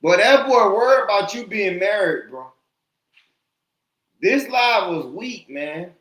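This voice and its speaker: A man hosting a podcast, reacting in casual chat with drawn-out, incredulous remarks. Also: sits high, animated, fairly bright tone. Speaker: podcast host. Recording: roomy echo.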